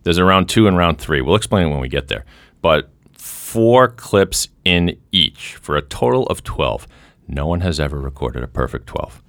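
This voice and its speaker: Deep-voiced playful male podcast host. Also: lively intonation, normal speed, fairly bright tone, no echo, clean studio sound. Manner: playful, game-show patter. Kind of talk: casual quiz-game banter.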